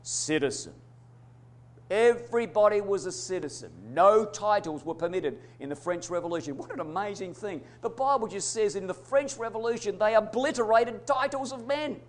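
A man preaching a sermon, emphatic, swinging between loud declarations and hushed asides. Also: high-pitched, animated, normal speed. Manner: addresses congregation as brothers and sisters.

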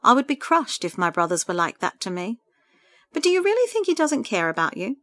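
A woman voicing a gentle, comforting friend. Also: a little high, very animated, brisk, no room sound, pitched above the performer's own voice. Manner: gentle, soothing, encouraging. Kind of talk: storybook reading.

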